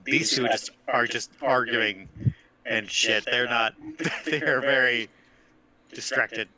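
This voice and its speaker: Bright-voiced male game master. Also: mid-range voice, slow pace. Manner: laughing, swears often, shouts in character. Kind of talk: narrating a tabletop game.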